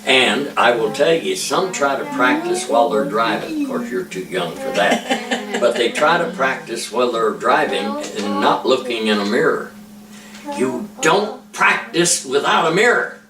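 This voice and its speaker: A man, a preacher, giving an informal ventriloquism lesson with slow, patient, drawn-out demonstrations. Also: mid-range voice, very animated, music in the background. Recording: echoey room, mic far off.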